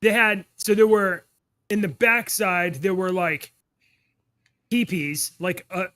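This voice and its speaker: Man, high voice, casual podcast chat, rambling storyteller, dry sound. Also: slow, no room sound. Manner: rambling, animated storytelling with laughs. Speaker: podcast co-host.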